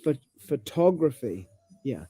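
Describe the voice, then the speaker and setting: A man, chatting casually about language and reading passages aloud with halting restarts. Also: medium pitch, big pitch swings, dark tone, husky, soft background music.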